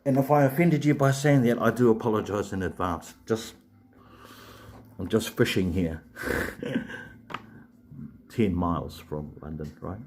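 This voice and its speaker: A man's voice: on the low side, unhurried, pauses often, a little mellow. A man, hosting a live stream and rambling chattily to viewers with many fillers and restarts. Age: 40s.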